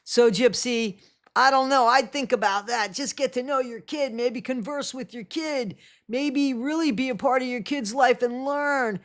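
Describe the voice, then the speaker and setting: A woman's voice: high-pitched, a little slow. A woman hosting her own channel and giving blunt, sarcastic reaction commentary. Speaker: channel host.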